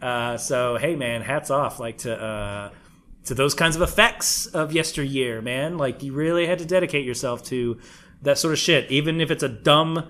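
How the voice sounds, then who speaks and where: A man's voice: mid-range voice, normal speed, bright, forceful tone. A man co-hosting a podcast, joking, laughing often and swearing freely in casual chat. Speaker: podcast co-host.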